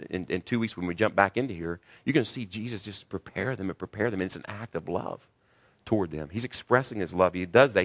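A man's voice: lowish voice, no room sound. A pastor preaching a sermon, earnest and building to emphatic peaks, a father of six in his thirties or forties.

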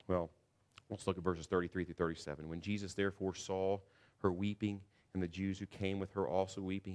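A man preaching a sermon in a church, earnest and building to loud, emphatic passages. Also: deep voice. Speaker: pastor.

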